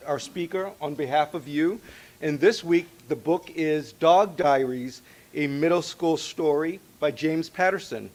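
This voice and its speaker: A man making steady, businesslike announcements at a club meeting. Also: a little high.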